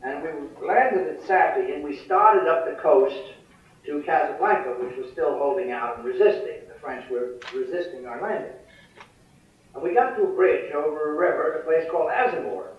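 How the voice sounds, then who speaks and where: A man's voice: a little high, normal speed. An older man giving a speech at a foreign affairs forum, telling wartime stories with wry, dry humor. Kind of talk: after-dinner speech with war anecdotes. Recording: distant, dull, echoey hall recording.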